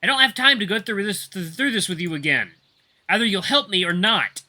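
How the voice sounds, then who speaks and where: Man playing a young woman captive, high voice, stammering, defiant, sharp and bright. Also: expressive, brisk, heavily acted. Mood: shrill defiant.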